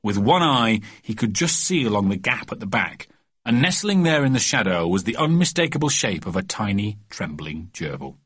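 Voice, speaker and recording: A man narrating a children's storybook audiobook with a lively, expressive reading. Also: on the low side, moderate pace, slightly rough, no room sound, studio quality.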